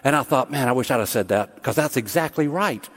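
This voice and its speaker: A man's voice: medium pitch, brisk. A middle-aged man preaching a sermon as pastor, talking to the congregation in a conversational way that builds to emphatic peaks. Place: large church hall. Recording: long hall reverb.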